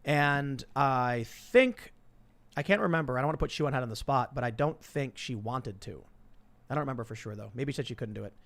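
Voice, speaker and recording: A man hosting a live talk show, reading viewer messages aloud in quick, casual chat. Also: mid-range voice, gravelly, fairly bright tone. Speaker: show host.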